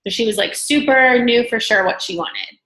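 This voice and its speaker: A woman's voice: fairly high pitch, normal speed, bright, forceful tone. A woman guest telling a story casually and chattily, full of fillers. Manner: chatty, many fillers like "like" and "whatever". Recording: echoey room.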